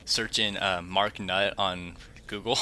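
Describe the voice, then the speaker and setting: A man co-hosting a casual podcast over a voice call, talking haltingly as he trails off and restarts. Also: low voice, steady tone, pushed and bright. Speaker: podcast co-host and editor. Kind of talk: casual chat.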